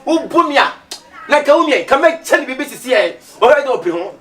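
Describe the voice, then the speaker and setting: A man's voice: very high voice, very animated, quick pace, fairly bright tone, far from the mic. A man acting in a comedy sketch, scolding and lecturing another character.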